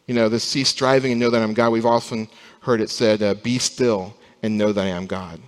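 A young adult man, a pastor, preaching a sermon, rising from quiet, slow passages to loud emphasis. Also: on the low side, steady tone, in a large hall.

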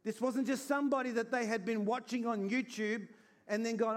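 Pastor, male, high voice, earnest conversational sermon delivery. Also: moderate pace. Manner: earnest, conversational preaching with acted-out asides. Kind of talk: Easter sermon.

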